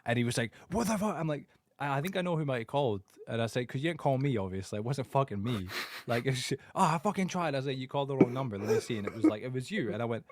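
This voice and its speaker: A man's voice: mid-range voice, very fast. A young man co-hosting a podcast, telling family stories in casual chat and swearing constantly. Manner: swears constantly, animated storytelling. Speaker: podcast co-host.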